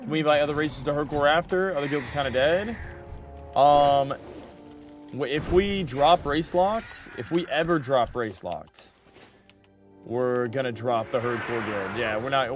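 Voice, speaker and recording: A man's voice: medium pitch, moderate pace, over music. Chatty male streamer talking to chat. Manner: chatty, talks back to chat, repeats himself. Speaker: livestreamer playing a game. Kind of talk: casual livestream chat.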